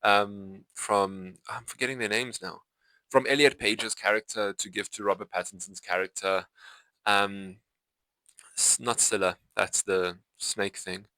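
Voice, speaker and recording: A man's voice: lowish voice, steady tone, unhurried, bright, forceful tone, dry recording, low-quality recording. A young man vlogging a film review in casual, rambling talk, full of fillers and self-corrections. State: itchy eyes. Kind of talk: casual unscripted talk to camera.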